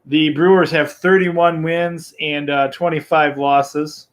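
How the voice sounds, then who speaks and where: A man hosting a live-streamed sports show, walking through baseball matchups at an easy, slow pace. His voice sits a little above the usual male range. He fills gaps with ums and uhs and chuckles now and then. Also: fairly high pitch. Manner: relaxed, filler-heavy, chuckling. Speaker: host.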